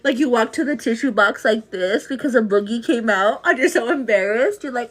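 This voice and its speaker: A young pregnant woman from El Paso, Texas, hosts her morning livestream, chatting casually and giggling. Her voice is a little high and animated, and she keeps a moderate pace with hardly any pauses, often calling people "girl."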